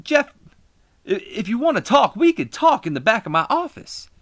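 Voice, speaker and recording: A man voicing a nervous, stammering male wrestling manager who tries to calm things down. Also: very high voice, normal speed, voice pushed up, full character voice. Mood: placating. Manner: hesitant, stammering.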